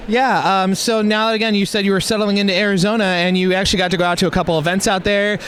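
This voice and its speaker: Guy interviewer at a con, talks quick, kinda high voice, faint crowd hum behind. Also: level tone, fairly bright tone. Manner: friendly, rapid questions with fillers and restarts. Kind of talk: casual convention interview. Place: convention.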